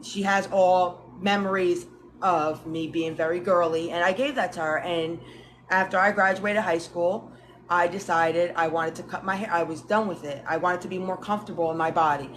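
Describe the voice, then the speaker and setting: Animated woman telling family stories. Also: on the low side, moderate pace, a little hiss or hum. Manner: animated, acts out family quotes. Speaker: guest. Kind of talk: casual storytelling chat.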